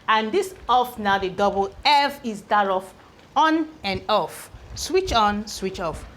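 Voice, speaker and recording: Woman teacher, spelling lesson, slow unhurried delivery, repeats words, tags "okay?". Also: medium pitch, expressive, a bit bright. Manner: repeats each word several times, ends points with "okay?". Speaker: English teacher.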